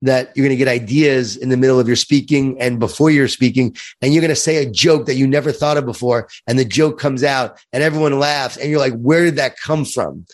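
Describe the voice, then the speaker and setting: A man's voice: mid-range voice, fairly even intonation, a little fast, few pauses. A man from Long Island with a light New York accent, a guest in an interview who speaks in an earnest, upbeat way and repeats words while he thinks. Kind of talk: interview conversation.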